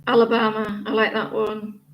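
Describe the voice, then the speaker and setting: A British woman chatting loosely to her viewers on a livestream. Her voice sits a little high and has a gravelly, creaky edge. She rambles, trails off and restarts often, with plenty of fillers. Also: fairly even intonation, unhurried, lo-fi sound, a little hiss or hum. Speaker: tarot livestream host. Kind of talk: casual livestream chat with viewers.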